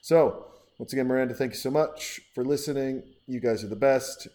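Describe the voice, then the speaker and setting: A man hosting a casual podcast, rambling from one tangent to the next with plenty of swearing. His voice is mellow and warm, sitting at an ordinary middle pitch. He talks loosely and directly to his listeners. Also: a little fast. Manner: rambling, profane, riffing with listener shout-outs. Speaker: podcast host.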